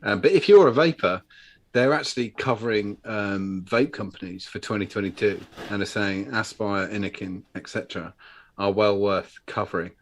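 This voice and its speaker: A man's voice: lowish voice, moderate pace. A man chatting as a guest on a show, rambling with many ums and restarts. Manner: rambling, hesitant, many fillers. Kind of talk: casual chat.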